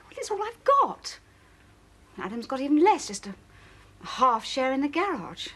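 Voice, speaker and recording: A woman's voice: high voice, sing-song, normal speed, fairly bright tone. An actress playing a worried woman defending her family business, anxious and pleading in a television soap. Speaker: motel co-owner. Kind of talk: 1980s television soap acting.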